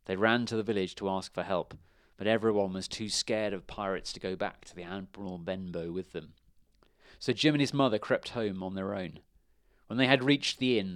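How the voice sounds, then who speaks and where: Guy reading a kids adventure story out loud, expressive, dry close sound. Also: low voice, no echo. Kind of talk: storybook read-aloud.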